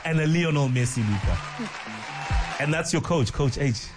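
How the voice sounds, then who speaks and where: A man's voice: a little high, lively intonation, normal speed, over music, a crowd in the background. A South African man interviewing a child, enthusiastic and laughing often.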